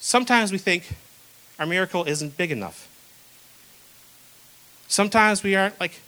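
Bright-voiced young male preacher. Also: high-pitched, moderate pace, pauses often, low-quality recording. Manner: casual, conversational preaching with acted-out quotes. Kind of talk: sermon.

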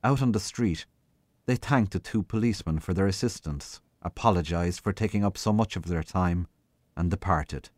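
Low-voiced man reading a story. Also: moderate pace, darkish tone, no echo. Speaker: guest reader. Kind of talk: reading a short story aloud.

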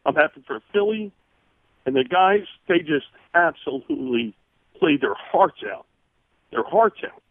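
A man's voice: sits high, big pitch swings, unhurried, vocal fry, no echo. A man calling in to a radio show, emotional and choked up, repeating himself as he talks. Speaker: caller. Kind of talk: phone call to a sports radio show. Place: on the phone. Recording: tinny phone line.

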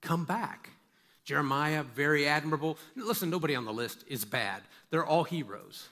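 A man's voice: on the high side, brisk, pushed and bright. A male pastor preaching a sermon in an emphatic way, repeating words for stress and putting questions straight to his listeners. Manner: asks listeners direct questions.

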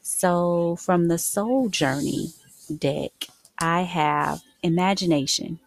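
A woman's voice: on the low side, slow, no room sound. A woman talking openly and heartfelt in a casual spiritual vlog, reading oracle cards for her viewers. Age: adult mother of school-age kids. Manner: open, heartfelt, conversational. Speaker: oracle card reader.

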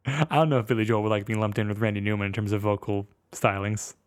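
A man's voice: lowish voice, fairly even intonation, quick pace, clean tone, no echo, clean studio sound. A man co-hosting a casual music podcast, talking in a wry, joking way. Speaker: podcast co-host.

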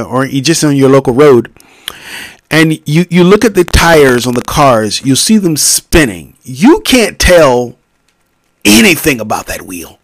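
Male solo podcaster, slightly high and very lively voice, loose and profane, recorded dry. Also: no room sound. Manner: rambling, profane, animated with sudden loud outbursts. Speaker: podcast host. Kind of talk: casual solo podcast monologue.

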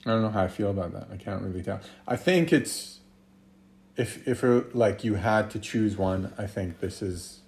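A man's voice: on the low side, moderate pace, darkish tone. A man co-hosting a podcast, chatting casually and thinking aloud with some hesitation as he tastes beer. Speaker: podcast co-host. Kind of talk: casual chat, beer tasting. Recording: echoey room.

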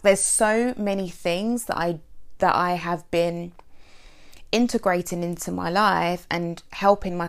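A woman hosting an unscripted solo podcast as a coach, talking in a heartfelt, emotional and rambling way with many fillers. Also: fairly low pitch. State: sore throat lately.

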